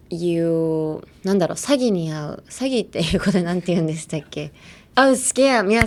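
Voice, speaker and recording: A woman hosting a bilingual lesson, explaining English slang and drilling phrases slowly, switching between English and Japanese. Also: lowish voice, a little mellow. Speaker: English teacher and host.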